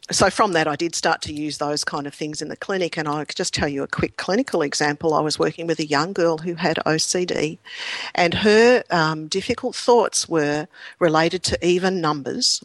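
A middle-aged woman, a clinical psychologist, chatting in an interview with lively anecdotes, ums and frequent laughter. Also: sits low, no echo. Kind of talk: conversational interview storytelling.

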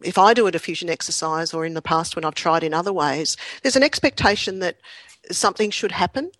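A middle-aged woman, a clinical psychologist, chatting in an interview with lively anecdotes, ums and frequent laughter. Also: lowish voice, fast, no room sound. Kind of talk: conversational interview storytelling.

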